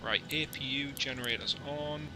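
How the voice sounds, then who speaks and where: A man chats casually and jokily with his live-stream viewers, wandering off on tangents between radio calls. His voice sits in a middle pitch over a clear, steady background hum. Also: normal speed. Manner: chatty, jokey, rambling asides to viewers. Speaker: flight sim streamer.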